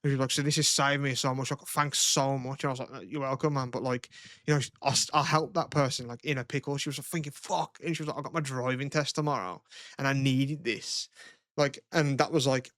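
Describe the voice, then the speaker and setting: A man's voice: medium pitch, steady tone, quick pace, fairly bright tone, dry recording, clean studio sound. A man, a podcast co-host telling a story in casual, rambling chat full of swearing and fillers.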